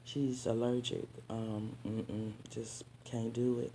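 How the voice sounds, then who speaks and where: Woman, vlogger, casual storytime, sassy, preachy, calls people honey, dark mellow voice. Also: extremely low pitch, flat delivery, slow, slight background noise. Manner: preachy, spiritual asides.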